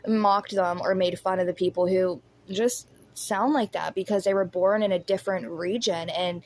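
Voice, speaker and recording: A woman hosts a critical commentary video, blunt, sarcastic and profane. Her mid-range, slightly mellow voice has fairly even intonation at a moderate pace, over a bit of hiss or hum.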